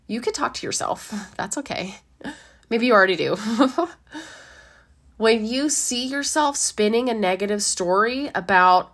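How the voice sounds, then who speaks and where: A woman, a life coach giving a gentle, encouraging talk with a slightly dry throat, who laughs often and acts out inner voices. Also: a little high, expressive, measured pace. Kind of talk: casual motivational talk.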